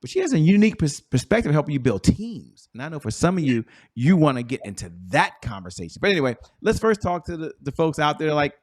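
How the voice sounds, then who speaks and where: A man hosting a business talk show, energetic and playful, stretching words for emphasis. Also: fairly high pitch. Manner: hyped, playful, drawn-out emphasis. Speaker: show host.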